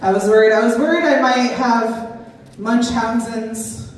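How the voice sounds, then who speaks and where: Recorded on a distant mic in an echoey hall, a woman with a slightly high voice delivers an unhurried stand-up set on a brewery stage during a live show. Her material is rambling and self-deprecating, thick with fillers, against a loud, laughing audience.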